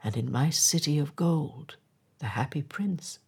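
A woman voicing a solemn, calm male God in a measured storybook reading. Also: deep voice, breathy edge, heavily acted.

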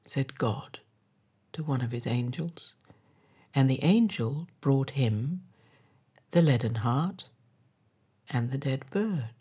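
A woman reading a fairy tale aloud, expressive, often dropping to a whisper. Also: deep voice, unhurried, breathy edge. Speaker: narrator. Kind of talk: storybook read-aloud.

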